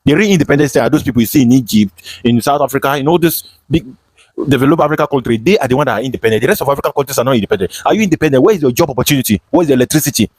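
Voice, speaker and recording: Fast-talking Nigerian man ranting. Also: mid-range voice, a little mellow, breathy edge, no room sound. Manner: impassioned, hammering rhetorical questions. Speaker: online commentator. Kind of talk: ranting video commentary.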